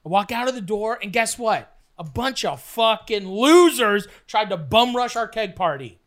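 A young man from Canada telling a rambling, profane story in casual chat, acting out scenes with loud bursts. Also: high-pitched, normal speed. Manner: rambling, profane, animated, acts out the scenes with shouts. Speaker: storyteller guest.

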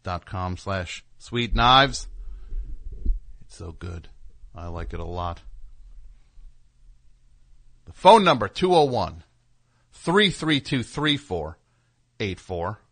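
A man's voice: low voice, big pitch swings, slow, pauses often, fairly bright tone. A man hosting a comedy talk radio show, chatting casually with wry, dry asides. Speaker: radio host.

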